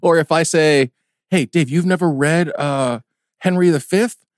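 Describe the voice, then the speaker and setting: A man's voice: on the high side, a little slow, no room sound, clean studio sound. A man who is a podcast guest, chatting casually and laughing through wry asides. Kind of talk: casual chat.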